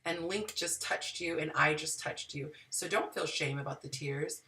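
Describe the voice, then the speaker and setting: Bright-voiced woman preaching love advice. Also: sits low, normal speed, recorded from a distance. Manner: emotional, preachy, spiritual. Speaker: dating advice host. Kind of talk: live stream talk to viewers.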